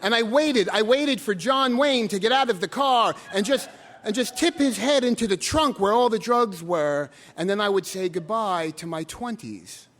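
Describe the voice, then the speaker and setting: A man in his twenties telling a true story at a live story slam, animated and self-mocking, acting out other voices. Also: high-pitched, normal speed. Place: stage in a hall with an audience. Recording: live hall recording with reverb and faint noise.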